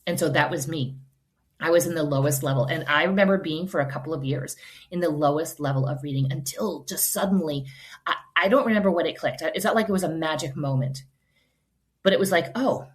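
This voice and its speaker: Reassuring female podcast host, 40s, slightly low voice, casual advice chat. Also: a little fast. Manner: earnest, reassuring, conversational with fillers.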